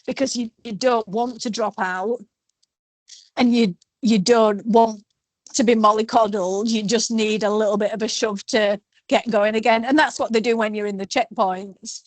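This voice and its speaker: A woman's voice: fairly high pitch, fairly even intonation, moderate pace, no room sound. Chatty woman, dry close sound. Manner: chatty, rambling, self-deprecating. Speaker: guest, race participant. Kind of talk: casual interview chat.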